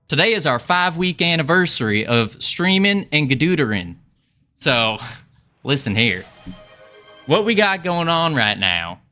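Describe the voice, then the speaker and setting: A man's voice: a little high, bright, forceful tone, full character voice. A man putting on a hammy Southern accent, playing a cheery, folksy cowboy while he explains his first game on a livestream. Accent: put-on Southern US. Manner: folksy, hammy, laughing at himself. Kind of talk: livestream game dev chat in character.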